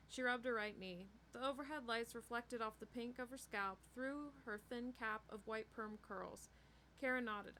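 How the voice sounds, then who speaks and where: A woman reading a novel chapter aloud in a steady storytelling way. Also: a little high, normal speed, slight background noise. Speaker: book reader.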